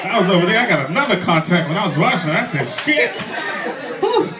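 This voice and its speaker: A man hosting a stand-up comedy show, telling crude jokes quickly. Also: sits high, expressive, recorded from a distance, loud music behind the voice. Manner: crude, fast joking. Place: small comedy club stage. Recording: echoey club heard from afar, loud crowd and noise.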